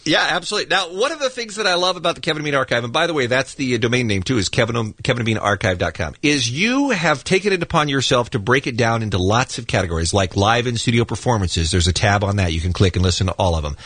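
Brief: male radio host, bright slightly husky voice, lively teasing banter, dry close studio mic. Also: mid-range voice, fast talker, hardly any pauses, dry recording.

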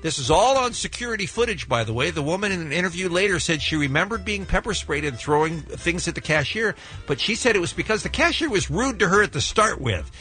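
A man's voice: high voice, fast talker, soft background music. A man hosting a morning radio show, joking and chatting with his co-hosts. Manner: animated, joking.

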